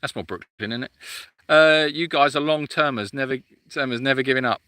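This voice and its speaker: A man's voice: mid-range voice, brisk, pushed and bright, no echo. A man hosting a casual live-stream Q&A for an animal sanctuary. He chats and teases while reading out viewer comments, with frequent ums.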